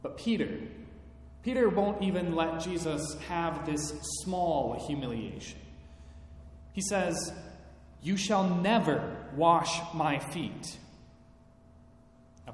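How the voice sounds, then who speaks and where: A male pastor preaching at an unhurried pace, pausing for dramatic effect, his voice sitting a little high. The sound bounces around a large hall with long reverb and a faint rumble. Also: a little mellow. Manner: slow, deliberate, dramatic pauses. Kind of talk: sermon.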